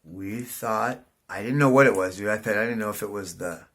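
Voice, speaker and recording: A man's voice: lowish voice, a little fast. Rambling, profane man telling a story. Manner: profane, rambling, says "dude" constantly; animated, voice jumps up in excitement. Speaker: vlogger. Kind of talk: casual storytelling monologue.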